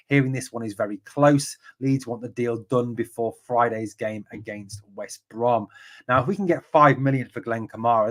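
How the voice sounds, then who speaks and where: An English man hosts a live-streamed football podcast, reading viewer chat aloud and answering each comment in turn. He talks in a chatty, loose way, full of ums and quick asides. His voice sits at an ordinary middle pitch for a man. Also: a bit bright. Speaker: podcast host.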